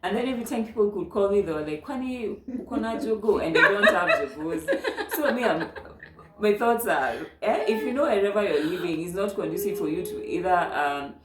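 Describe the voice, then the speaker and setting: A young woman with a Kenyan accent chatting casually as host, telling animated stories mixed with Swahili phrases. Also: medium pitch, brisk, heavy background noise. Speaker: channel host. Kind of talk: casual chat. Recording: echoey room.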